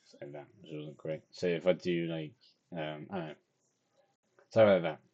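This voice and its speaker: A man's voice: extremely low pitch, steady tone, normal speed, a little mellow, muffled recording. A tired young man, rambling and self-deprecating as he talks through his drawing in a casual video diary. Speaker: vlogger.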